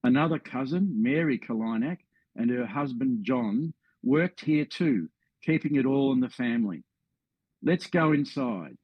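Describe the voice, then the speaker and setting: A man's voice: mid-range voice, animated, unhurried, slightly rough, no room sound, muffled recording. A man with an Australian accent presenting a history talk as a story, friendly with wry asides.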